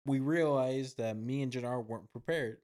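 A man's voice: mid-range voice, normal speed, a little mellow. A man co-hosting a podcast, telling a story in casual, teasing chat with swearing and laughs. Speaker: podcast co-host.

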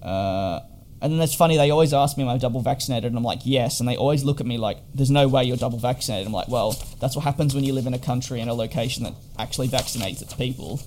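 A man's voice: mid-range voice, fast talker, a little mellow, a little hiss or hum. A man chatting casually in a vlog about hotel quarantine, rambling and wry with lots of fillers. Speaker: vlogger.

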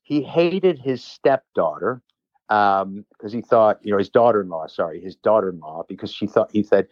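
A man's voice: lowish voice, animated, normal speed, no room sound, muffled recording. A man, a personal trainer, telling a long rambling story in casual chat with many restarts and asides.

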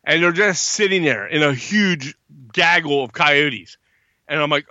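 A man's voice: fairly high pitch, measured pace, dry recording, highs cut off. A man telling a story in casual chat, acting out quotes in a raised voice. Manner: animated, acts out quotes in a raised voice.

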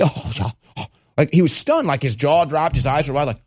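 A male talk show host in a studio, mocking and animated, acting out the people he quotes. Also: on the high side, fairly quick, dry recording. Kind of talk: heated political talk.

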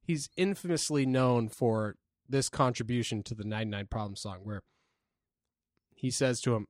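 A man co-hosting a podcast at a medium pitch, talking in a laid-back, meandering way with plenty of "you know" and "uh". His voice sits close and dry on the mic, with no room sound around it. He's easygoing and conversational, the way you'd talk to a friend. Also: moderate pace, no room sound. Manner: laid-back, rambling storytelling with frequent fillers. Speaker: podcast co-host. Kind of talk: casual podcast chat.

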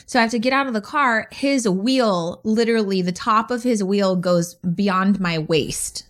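A woman co-hosting a podcast, telling a story in an animated, exasperated way. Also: medium pitch, measured pace. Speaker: podcast co-host. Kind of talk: casual storytelling chat.

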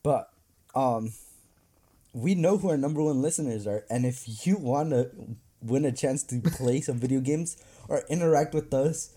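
A man co-hosting a podcast in casual chat, relaxed and a little hesitant. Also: medium pitch, normal speed, husky. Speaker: podcast co-host.

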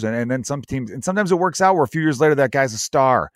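A man's voice: medium pitch, fast, hardly any pauses, no echo, clean studio sound. Rambling opinionated male sports podcaster. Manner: rambling, animated and opinionated, with mock quotes of others. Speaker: podcast host. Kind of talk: solo sports podcast monologue.

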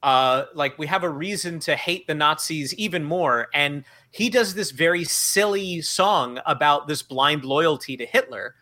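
Bright, animated man chatting on a podcast. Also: a little high, unhurried, hardly any pauses. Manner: animated storytelling, many fillers. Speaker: podcast co-host. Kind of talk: casual chat.

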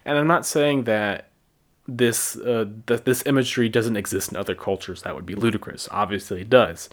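A man's voice: fairly low pitch, moderate pace. Reflective American man hosting a podcast. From United States. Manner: reflective, rambling with fillers and restarts. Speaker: podcast host. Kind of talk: solo podcast monologue.

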